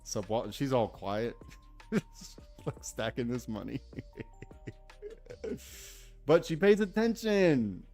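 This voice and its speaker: Rambling excited man on a live stream. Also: mid-range voice, extremely slow, long pauses, faint music behind. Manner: enthusiastic, rambling, self-correcting. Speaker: day-trading livestream host. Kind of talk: casual live stream chat.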